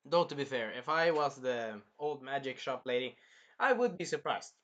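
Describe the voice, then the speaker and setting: A man hosting a casual anime review, rambling and animated, swearing freely as he recaps an episode. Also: medium pitch, normal speed, dull audio. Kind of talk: casual chat.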